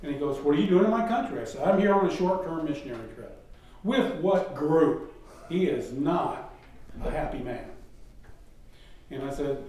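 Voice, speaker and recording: A man, a guest, telling a personal missionary story in a casual, animated way and mimicking the voices of people in it. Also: medium pitch. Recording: distant mic in a very echoey room, faint noise.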